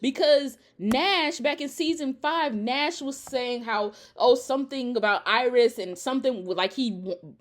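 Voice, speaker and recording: A woman's voice: high voice, measured pace, few pauses. A young woman in a casual, profane rant reacting to a TV show, sassy and exasperated.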